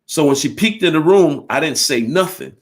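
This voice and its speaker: Blunt, animated man in his fifties. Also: fairly high pitch, moderate pace, breathy edge. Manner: animated, blunt, swears, acts out both sides of arguments. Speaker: storyteller recounting his life. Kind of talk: candid personal storytelling.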